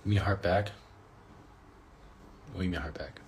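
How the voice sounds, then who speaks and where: Man, very low voice, casual livestream chat, tired, reading comments aloud. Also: moderate pace, slight background noise. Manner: reads out fan comments and thanks viewers. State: tired, yawning. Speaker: livestream host.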